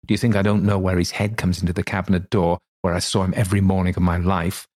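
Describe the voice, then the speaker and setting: A loyal old manservant, shaken and insistent, telling his tale in plain, earnest words, voiced by a man reading the story. The voice sits low and full. It is an audiobook reading, not a full cast. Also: flat delivery, fast, darkish tone. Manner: earnest, plain-spoken servant's speech. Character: loyal frightened old male butler.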